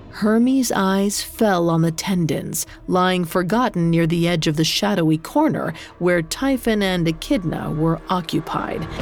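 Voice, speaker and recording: A woman narrator reading a scripted myth in a measured, dramatic storytelling manner. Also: fairly low pitch, creaky, a little mellow. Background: faint music.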